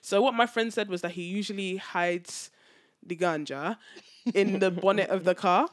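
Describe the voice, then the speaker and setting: A woman, a podcast co-host telling a story in casual chat, animated and laughing often. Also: medium pitch, moderate pace, no room sound, clean studio sound. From United Kingdom. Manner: animated, laughing, quotes people in put-on voices.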